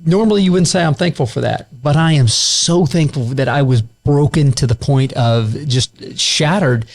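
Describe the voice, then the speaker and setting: Gravelly man telling an earnest story. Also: a little high, normal speed. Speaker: podcast co-host. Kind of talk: personal testimony in casual chat.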